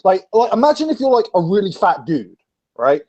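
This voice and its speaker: A man's voice: high-pitched, sing-song, fairly quick, darkish tone, lo-fi sound. A man appearing as a guest on a casual podcast, talking in a rambling, profane way and thinking aloud.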